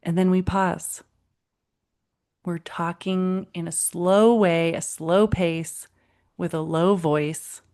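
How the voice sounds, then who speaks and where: On a solo podcast episode, a woman parenting coach talks in a lowish, clear, resonant voice and takes her time. She stays warm and encouraging while acting out quotes with animated voices.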